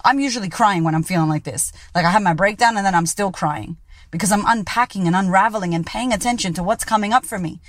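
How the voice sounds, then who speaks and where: A woman's voice: medium pitch, quick pace, no echo, clean studio sound. A woman podcast host and coach giving a blunt, profane motivational monologue. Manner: blunt and profane, keeps it real.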